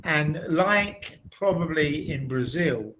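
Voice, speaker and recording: A man from southeast England with a southern English accent, tutoring English in an online lesson and speaking slowly and plainly. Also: fairly high pitch, animated, a bit bright, a little hiss or hum, poor audio. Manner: slow, plain, deliberate speech. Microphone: video call.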